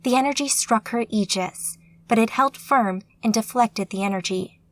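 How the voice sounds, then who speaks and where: A woman narrating a fantasy audiobook in a steady, measured storytelling manner. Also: a little high.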